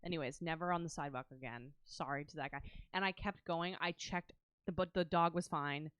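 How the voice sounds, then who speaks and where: Woman, lowish pitch, dry close mic, casual rambling comic storyteller who keeps putting herself down. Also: brisk, smooth, no echo. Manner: self-deprecating storyteller, trails off. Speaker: comedy co-host. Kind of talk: casual comedic chat.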